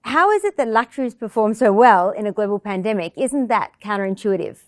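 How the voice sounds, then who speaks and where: A woman's voice: mid-range voice, animated, fairly quick, dry recording, clean studio sound. A woman hosting an investment interview series, reading a polished introduction and then putting questions to her guest. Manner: polished, read-from-script delivery. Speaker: interview host.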